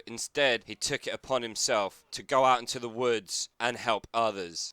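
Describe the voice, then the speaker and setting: A man's voice: lowish voice, bright, forceful tone, clean tone, no room sound. A man giving sarcastic, sweary reaction commentary on a video, exasperated and mocking.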